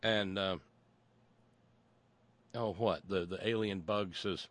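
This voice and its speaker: A man's voice: low voice, fairly even intonation, slow pace, pauses often, a bit bright, no echo. Guy for sarcastic rant commentary; stumbles and restarts, dry close mic. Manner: rambling and sarcastic, many restarts. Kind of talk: casual monologue commentary.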